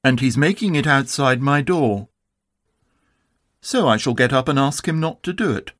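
A man voicing a gentle, sleepy male teddy bear in a storybook reading, mild and ponderous. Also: mid-range voice, animated, moderate pace, dry recording, studio quality, lightly acted.

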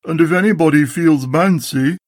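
Casting: man reading as a glum old donkey, sarcastic, slow mournful drawl, a bit raised in pitch, dry storybook voice. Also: no room sound, natural voice. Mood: gloomy.

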